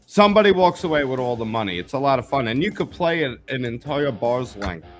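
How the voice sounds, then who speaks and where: A man's voice: medium pitch, lively intonation, fairly quick, faint music behind. A man hosting a casual live stream chat, swearing freely and telling stories while greeting viewers by name.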